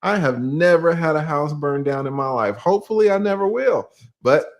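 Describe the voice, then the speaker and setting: A man's voice: on the high side, lively intonation, moderate pace. A man with a Southern accent from Georgia, an attorney guest in a casual livestream chat, laid-back and asking rhetorical questions.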